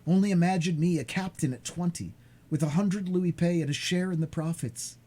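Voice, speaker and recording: A man reading aloud, voicing an eager, impulsive young sailor who speaks with excited emphasis. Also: on the high side, moderate pace, voice pushed up, lightly acted. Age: young adult.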